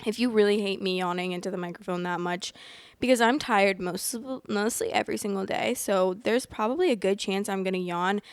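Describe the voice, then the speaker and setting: A woman's voice: medium pitch, a little fast, clear, resonant tone, dry recording. A woman hosting a story podcast, chatting casually and reading stories aloud, rambling and apologetic with lots of fillers, sometimes yawning as she talks, close to the microphone. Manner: often yawns while talking.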